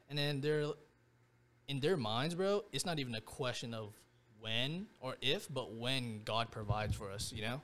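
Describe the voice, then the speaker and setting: A man's voice: medium pitch, lively intonation, unhurried, a bit bright. Young guy, podcast guest, casual slangy storyteller, mid-range voice, faint hiss behind. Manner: slangy, fills with "bro" and "like".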